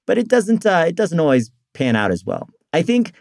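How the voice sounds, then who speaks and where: Male comedy guest, rambling and quick to laugh, lively pitch, dry sound. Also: creaky, dry recording. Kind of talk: casual interview chat.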